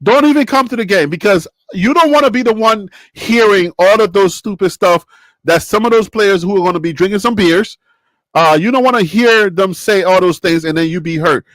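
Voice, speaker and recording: A man's voice: sits high, moderate pace, no room sound. A man co-hosting a casual sports talk show, emphatic and laughing often as he lectures.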